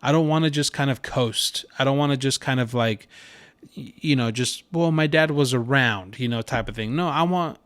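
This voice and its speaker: A man in his thirties talks through a personal family story on his podcast, earnest and chatty, with plenty of fillers. His voice sits in an ordinary middle pitch. The sound is close and dry, with no room around it. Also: moderate pace, clear, resonant tone, no room sound. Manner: conversational and earnest, lots of fillers. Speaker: podcast host. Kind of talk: casual storytelling monologue.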